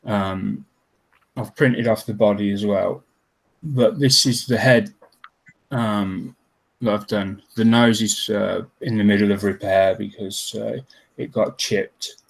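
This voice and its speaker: A man in a hobby hangout chat, talking hesitantly with many pauses and fillers. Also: lowish voice, steady tone, vocal fry, husky, poor audio. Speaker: hangout participant. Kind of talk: casual chat.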